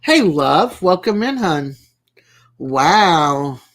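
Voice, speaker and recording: She has a deep, very animated voice and draws out her words. As a livestream host at home, she keeps the chat with her live viewers casual, addressing them by name with giggles and teasing.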